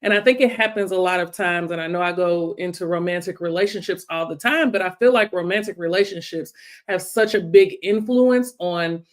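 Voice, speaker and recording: A woman's voice: on the low side, a little fast. Reflective woman co-hosting a talk show. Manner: thoughtful, self-questioning. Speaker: co-host.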